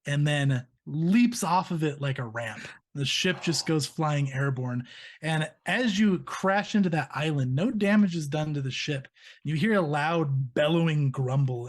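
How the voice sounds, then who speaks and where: Brief: a male game master narrating, slightly raised pitch, vivid and steady.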